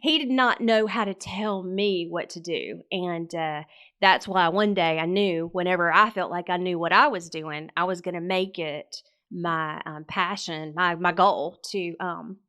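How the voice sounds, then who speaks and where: Podcast guest: woman in her 40s, lively, laughs a lot as she tells her story. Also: lowish voice, a little slow, smooth. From Mississippi. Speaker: podcast guest, real estate coach. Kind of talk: casual interview chat.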